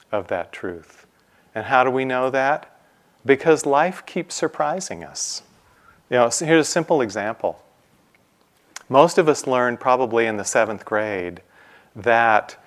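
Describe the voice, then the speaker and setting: Male meditation teacher, mid pitch, casual dharma talk with rhetorical questions. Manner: conversational, asks rhetorical questions. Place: retreat center.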